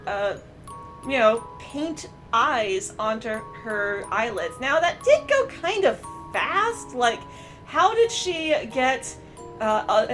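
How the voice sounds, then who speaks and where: High-voiced chatty woman recapping. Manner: chatty, animated, with many fillers and quick quoted voices. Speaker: streamer reviewing a cartoon episode. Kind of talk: casual reaction and recap.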